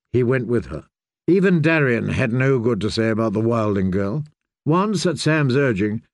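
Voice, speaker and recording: A man reading a novel aloud as a steady, measured audiobook narrator. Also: mid-range voice, no room sound, clean studio sound. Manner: slow, steady storytelling. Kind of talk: scripted narration.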